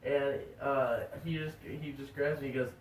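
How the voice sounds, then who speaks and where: A man's voice: mid-range voice, moderate pace, a loud crowd. A young man co-hosting a casual podcast, telling a rambling story and acting out the voices of the people in it. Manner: rambling, animated, acts out quoted voices. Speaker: podcast co-host. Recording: echoey room, far from mic, faint noise.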